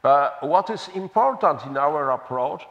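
Man, conference lecturer, gravelly voice, hesitant restarts, muffled hall recording. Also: a little high, expressive, a bit bright. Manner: halting, restarts words, explains slides and a video. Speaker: conference speaker. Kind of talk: scientific conference talk.

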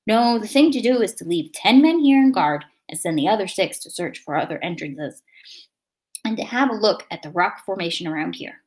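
A woman's voice: medium pitch, expressive, moderate pace, natural voice. Cautious guard man, a woman reading him, insistent, storybook. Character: cautious grown man, planner among guards.

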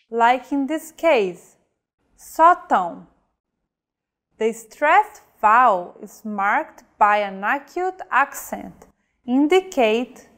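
A woman gives a scripted pronunciation lesson in an unhurried, deliberate way, with a voice that sits a little high. She says each example word on its own, slowly and clearly, as a teacher would. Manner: careful, measured teaching delivery with modeled example words. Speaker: language teacher.

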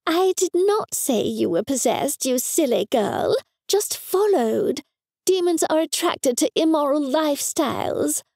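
A woman's voice: high-pitched, animated, unhurried, gravelly, dark tone, no echo, clean studio sound, voice pushed up, heavily acted. A woman voicing a fussy, superstitious older mother who scolds her daughter in a raised, insistent voice. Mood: scolding.

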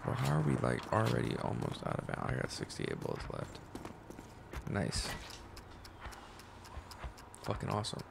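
A man's voice: lowish voice, wildly swooping pitch, moderate pace, vocal fry, long pauses. A man giving crude, jokey commentary while playing a war game. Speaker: gamer. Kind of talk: casual gameplay commentary. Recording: gunfire noise from game.

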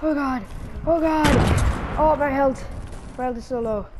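With a high voice and an unhurried pace, a gaming channel host frantically commentates live gameplay, pleading repeatedly. The recording is very noisy, with loud gunfire and game effects underneath.

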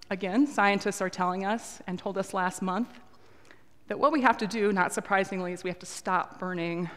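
A woman's voice: lowish voice, a bit bright. Woman talking to a church crowd, earnest and chatty with lots of ums, big echoey sanctuary. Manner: earnest, conversational, with frequent ums. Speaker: lay speaker at a church service. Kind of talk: earnest talk to a congregation. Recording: long reverb of a large hall.

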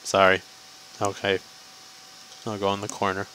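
A man's voice: sits low, monotone, a little slow, sharp tone, slight background noise, low-quality recording. A young man giving casual gameplay commentary for a guide video, rambling and joking to himself as he plays.

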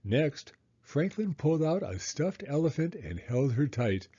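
Man, children's story read-aloud, animated pitch, muffled recording. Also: measured pace, breathy edge. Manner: expressive, animated reading. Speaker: children's book reader.

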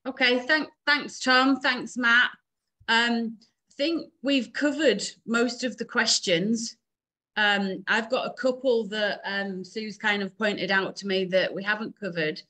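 A woman's voice: a little high, steady tone, takes it slowly, pushed and bright. A woman hosting a live Q&A, hesitantly reading out audience questions with many "um"s. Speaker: Q&A host.

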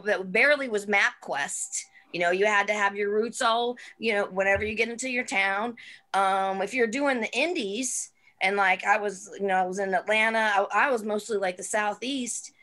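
A woman's voice: medium pitch, a bit bright. Female wrestler guest, casual chat, rambling with fillers and restarts.

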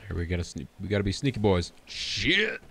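Male streamer, low voice, animated and silly, talks to himself while he plays. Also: brisk, creaky, slight background noise. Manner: goofy, self-talking, laughs at his own jokes. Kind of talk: casual gameplay commentary.

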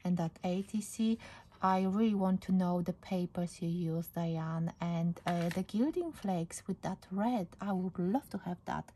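A woman's voice: on the low side, a little slow, dark tone, slight background noise. A woman hosting her craft channel, chatting casually and gushing about a handmade card she received. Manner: gushing, repeats "I love". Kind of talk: casual chat opening mail.

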